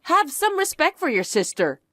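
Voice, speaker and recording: A woman's voice: high voice, sing-song, normal speed, pushed and bright, no echo, faint music behind, voice pushed up, heavily acted. A woman voicing a bratty, vain young stepsister who talks down to everyone in a haughty, demanding way. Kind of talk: dramatized story narration.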